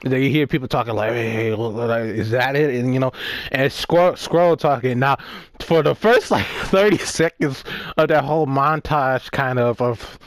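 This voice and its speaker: A man's voice: medium pitch, moderate pace, no echo. A young man of about nineteen, casually recapping a movie while playing a game, rambling and swearing with lots of laughs and fillers. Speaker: gaming vlogger.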